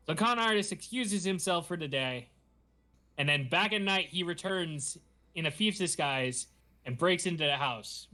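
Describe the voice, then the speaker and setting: A man hosting a podcast, recapping a show in animated, giggly casual chat. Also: sits high, moderate pace. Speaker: podcast host.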